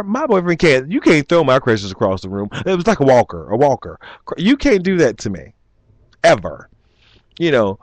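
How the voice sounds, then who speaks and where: A man tells a story from his night out in a relaxed, chatty way, chuckling as he goes. His pitch swings widely as he acts out what others said. The sound is dry and close, with no room around it. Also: dry recording. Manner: animated, chuckling, acts out quotes. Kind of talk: casual anecdote telling.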